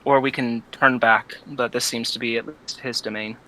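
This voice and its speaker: Bright, halting man at a game table. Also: mid-range voice, fairly even intonation, poor audio. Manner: halting, careful, many fillers. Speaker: player. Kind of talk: casual tabletop play.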